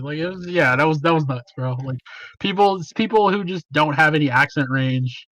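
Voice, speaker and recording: A man's voice: fairly high pitch, brisk, bright, forceful tone, no room sound, rough recording. A man hosting a podcast in casual, slangy chat, swearing freely. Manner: laid-back, slangy, swears a lot. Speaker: podcast host.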